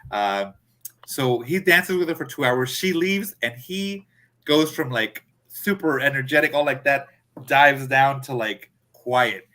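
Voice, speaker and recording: A man telling a story in a casual chat, animated, acting out his friends' lines. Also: medium pitch, unhurried. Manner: animated, acts out friends' quotes. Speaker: podcast co-host.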